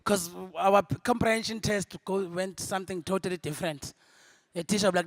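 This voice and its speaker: A young South African woman, a native Zulu speaker, doing a stand-up comedy set. She laughs often and swings between loud punchlines and hushed asides. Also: medium pitch, fairly quick, no echo. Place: convention ballroom.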